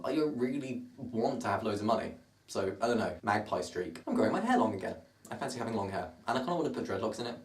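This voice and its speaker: A twenty-year-old man from the south of England with a southern English accent, chatting in a self-mocking, rambling way to camera in his bedroom. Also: lowish voice. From Surrey, south of England. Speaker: vlogger. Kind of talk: casual rambling monologue to camera. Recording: roomy bedroom, camera at a distance.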